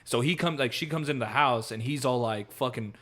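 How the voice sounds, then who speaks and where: A man's voice: medium pitch, a little fast. Young man telling a story with swearing. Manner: animated storyteller acting out scenes with heavy swearing. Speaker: podcast co-host. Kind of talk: casual chat.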